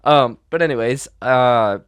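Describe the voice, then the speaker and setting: A man's voice: mid-range voice, measured pace, clear, resonant tone, dry recording. A young man co-hosting a podcast, telling a story in casual chat with lots of fillers and restarts. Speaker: podcast co-host.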